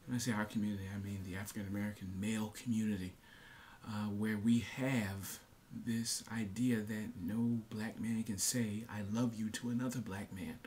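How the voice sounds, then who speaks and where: A man's voice: fairly low pitch, steady tone, normal speed, darkish tone, a little hiss or hum. A young man talking earnestly to his camera in a casual monologue, repeating himself with many fillers and restarts. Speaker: vlogger.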